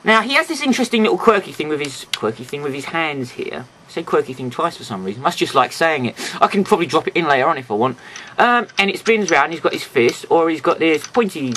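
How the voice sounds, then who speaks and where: A man talks through a toy review in a loose, chatty way, full of jokey asides. His voice is bright and a little raised in pitch, swinging up and down a lot. A stuffy nose gives it a slightly nasal edge. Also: big pitch swings, quick pace, slight background noise.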